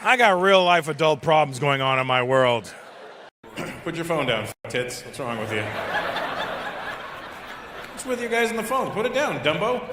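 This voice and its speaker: A man's voice: a little high, big pitch swings, normal speed, long pauses. A man from Canada doing stand-up crowd work in a large venue, teasing the audience with brash, profane jabs. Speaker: stand-up comedian. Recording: roomy hall with crowd noise.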